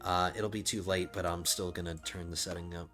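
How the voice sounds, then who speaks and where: Man with a strained voice, low-pitched. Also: steady tone, a little fast, faint music behind. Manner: thinking out loud while playing. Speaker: gaming channel host. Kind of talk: casual let's play commentary.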